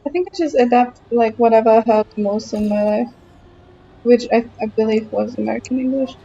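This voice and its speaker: A woman's voice: fairly high pitch, moderate pace, creaky, mellow, husky, dull audio. A young woman with a light German accent, chatting with her stream chat while playing a game, frustrated and talkative. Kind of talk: casual live-stream chat while gaming.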